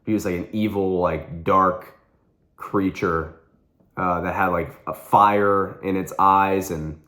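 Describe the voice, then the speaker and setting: A man's voice: sits low, fairly even intonation, slow pace, bright, forceful tone. A young man vlogging, telling a personal story with earnest intensity and repeating phrases for emphasis.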